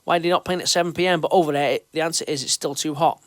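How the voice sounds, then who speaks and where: Talking very fast in a slightly high, steady voice, a man hosts a fan show podcast with no echo on the recording. He reads out questions casually, reassures listeners, and sometimes restarts loosely.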